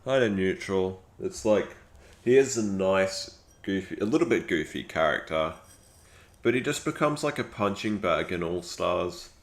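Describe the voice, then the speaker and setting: A man talks casually on a live stream, rambling through his thoughts with plenty of fillers and false starts. His voice sits fairly low, and he speaks at an unhurried, drawn-out pace. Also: animated. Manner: rambling, frequent fillers and restarts.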